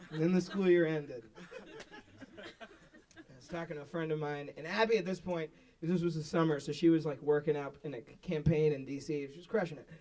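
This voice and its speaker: A man doing a stand-up comedy set, telling stories in an animated way that breaks into high excited shouts. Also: normal speed, long pauses. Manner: animated storytelling, shouting into squeaky high bursts when excited. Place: small live venue with audience. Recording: live club recording, mic at a distance, audience laughter.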